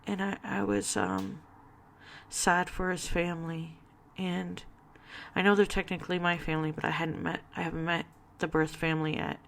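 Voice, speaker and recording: Woman, low gravelly voice, halting, close to tears, personal vlog. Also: level tone, fairly bright tone, a little hiss or hum. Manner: halting, hesitant, many fillers and restarts. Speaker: vlogger.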